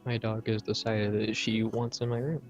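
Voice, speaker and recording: Tabletop player, middle pitch, jokey and laughing, voice call, faint music. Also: little pitch movement, normal speed. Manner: jokey, laughs, quotes lines. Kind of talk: casual chat over voice call.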